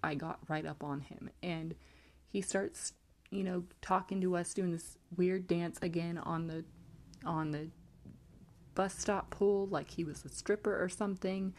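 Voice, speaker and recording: Young woman from california, kinda low voice, rambling story with tons of likes and ums. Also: fairly even intonation, measured pace, a little mellow. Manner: rambling, heavy use of like and um. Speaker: podcast host. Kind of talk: casual storytelling.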